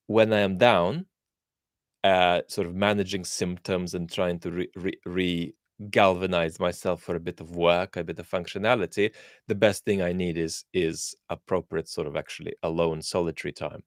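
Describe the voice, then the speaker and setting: A man's voice: sits low, fairly even intonation, moderate pace, no room sound, clean studio sound. A man born in Russia hosting a live question-and-answer chat, thinking aloud and answering viewers with frequent ums and restarts. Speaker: host.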